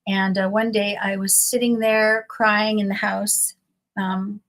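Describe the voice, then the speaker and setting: A woman's voice: mid-range voice, level tone, slow, fairly bright tone. A middle-aged woman telling a personal story as an interview guest over a video call from home, earnest and emotional, wandering as she talks. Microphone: computer mic on a video call.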